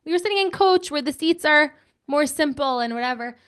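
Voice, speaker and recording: A young woman telling an animated story to children, chatty and excitable, with lots of filler words. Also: high-pitched, fairly quick.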